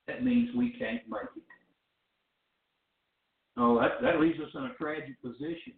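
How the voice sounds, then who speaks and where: A man preaching a fervent sermon as pastor, with rising shouts and drawn-out phrases. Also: a little high, very animated, creaky. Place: church sanctuary. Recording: distant, echoey, phone-like church recording.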